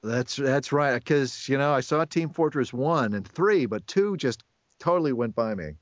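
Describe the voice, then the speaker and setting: A man's voice: mid-range voice, expressive, moderate pace, no room sound. Guy voice actor chatting in an interview, rambly, lots of restarts, dry muffled recording. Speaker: voice actor guest. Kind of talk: casual interview chat.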